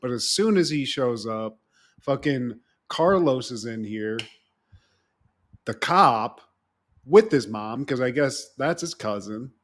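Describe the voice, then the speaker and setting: A man's voice: medium pitch, expressive, takes it slowly. A man co-hosting a podcast, recapping a TV episode in casual chat, swearing freely and acting out the characters' lines. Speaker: podcast co-host.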